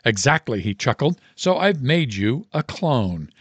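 A man's voice: sing-song, moderate pace, no room sound. A man reading a poem aloud and voicing a jolly, wise old Santa Claus in a cheerful, raised voice. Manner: cheerful storybook voice, higher than usual.

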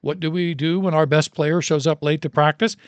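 A man's voice: steady tone, brisk, no echo, natural voice. A man voicing a fiery old male baseball coach who lectures a crowd of coaches in an emphatic, preacher-like way. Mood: booming, preachy. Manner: booming, emphatic, preacher-like delivery.

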